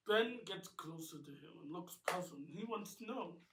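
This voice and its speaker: A man reads a homemade cartoon narration in a halting way, often restarting. His voice sits fairly high. He is distant from the mic in an echoey room with noise behind. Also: lively intonation. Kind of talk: amateur cartoon narration read aloud.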